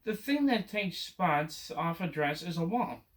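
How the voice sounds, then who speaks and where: Man doing a cheeky grown male cat, gleeful, confident, lively, storybook voice. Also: a little high, a little slow.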